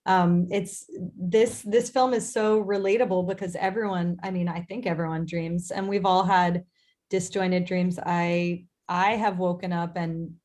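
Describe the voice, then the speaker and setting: A woman's voice: fairly low pitch, fairly even intonation, unhurried, darkish tone. Chatty female Q&A moderator. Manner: friendly, chatty questioner. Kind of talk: casual post-screening Q&A.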